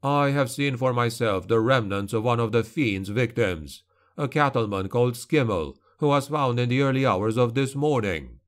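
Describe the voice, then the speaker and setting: A man voicing a cold, commanding male witch hunter who speaks slowly and with measured authority. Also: medium pitch, expressive, lightly acted. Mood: stern.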